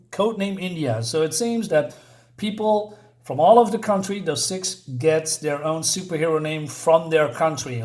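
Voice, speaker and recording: A man with a somewhat high voice talks through a comic book issue in a loose, conversational way. He fills the gaps with "um" and "right?" and drops sarcastic asides as he goes. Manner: chatty and sarcastic, with frequent fillers and asides. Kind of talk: casual spoken review.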